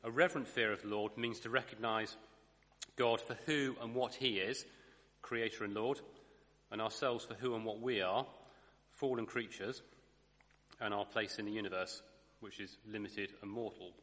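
A lower-voiced man preaches a sermon in a reverberant hall. He talks thoughtfully, corrects himself now and then and slips in dry asides. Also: steady tone, moderate pace, a bit bright.

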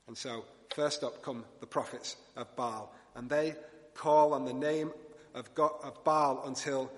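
A man preaching a sermon in a conversational, animated way, making asides to the congregation and acting out the lines he quotes. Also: medium pitch. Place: church hall with congregation. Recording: long hall reverb.

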